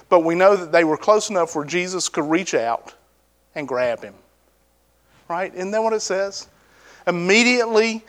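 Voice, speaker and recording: A man delivers a sermon in a casual, conversational manner, his voice sitting fairly high for a man. He leans on rhetorical questions and swings between lifted, emphatic bursts and quiet, low asides. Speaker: preacher.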